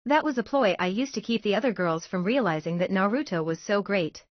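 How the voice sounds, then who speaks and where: A woman's voice: medium pitch, expressive, brisk, dry recording, highs cut off, lightly acted. A woman voicing a secretive, lovesick teenage girl ninja with a whiny teen manner, in a fan-fiction story reading.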